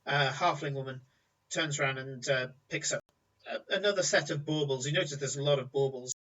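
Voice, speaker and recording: A man's voice: medium pitch, fairly quick, a bit bright. A man narrating a tabletop game as game master, with vivid descriptive storytelling, on a distant, muffled recording.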